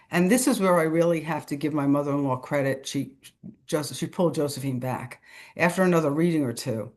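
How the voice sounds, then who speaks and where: Sharing a personal anecdote as a talk-show guest, this middle-aged author speaks casually and with animation, laughing between phrases. She imitates the voices of those she quotes, and her voice sits low.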